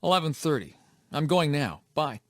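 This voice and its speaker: Guy reading an english practice dialogue, plain, higher voice, bouncy pitch. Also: sing-song, moderate pace, no room sound, studio quality. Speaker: dialogue reader in an English lesson. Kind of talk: scripted conversation for learners.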